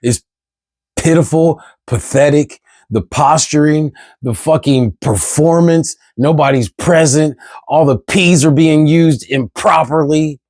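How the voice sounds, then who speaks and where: A man's voice: fairly high pitch, slow, darkish tone, no room sound. Exasperated, cursing man ranting to camera. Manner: exasperated, profane, rhetorical questions. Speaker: vlogger. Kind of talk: candid ranting monologue.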